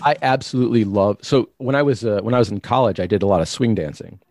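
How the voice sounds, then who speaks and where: Man, interview guest, low-pitched, reflective, restarts sentences, dry close recording. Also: fast talker, gravelly, darkish tone, dry recording. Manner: reflective, explanatory, frequent restarts. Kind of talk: conversational interview.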